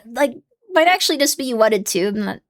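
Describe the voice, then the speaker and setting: A woman's voice: on the high side, expressive, fairly quick. A young adult woman streaming live, chatting casually and bubbly, playfully scolding and dropping into whispers.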